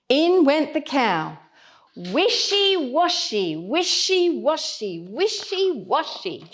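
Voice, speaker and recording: Slow, expressive woman reading a storybook. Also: sits high. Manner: slow, expressive read-aloud with voices for the animals. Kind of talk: storybook reading for young children.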